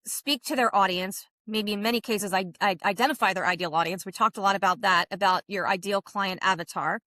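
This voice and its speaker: A woman's voice: mid-range voice, a little fast, bright, forceful tone, no room sound. Woman podcast host, enthusiastic and chatty, dry close mic. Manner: chatty, enthusiastic, laughs at herself. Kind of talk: podcast intro monologue.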